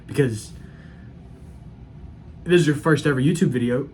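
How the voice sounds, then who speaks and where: A young man in his early twenties hosting a solo vlog. He rambles in a loose, self-deprecating way and swears without a second thought. A faint hum sits under his voice at a mid pitch. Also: lively intonation, normal speed, long pauses, rough recording. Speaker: channel host. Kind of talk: casual solo vlog commentary.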